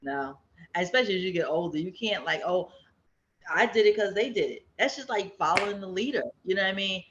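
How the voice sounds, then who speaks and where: A woman's voice: medium pitch, fairly quick, a bit bright, lo-fi sound, a little hiss or hum. A woman from the Bronx, co-hosting a casual chat and telling a story from her own working life. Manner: agreeable, frequent affirmations, storytelling. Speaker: co-host.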